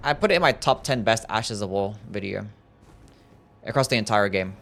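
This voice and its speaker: Gravelly laid-back young male streamer. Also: fairly low pitch, normal speed, a bit bright. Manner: laid-back, swears often, laughs easily. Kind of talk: casual livestream chat while gaming. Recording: music playing faintly behind.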